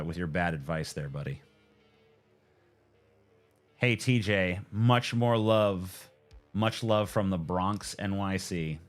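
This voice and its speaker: Young guy live streaming, jokey and sweary, lowish voice, faint music behind. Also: a bit bright. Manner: joking, profane, laid-back. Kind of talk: casual live-stream chat.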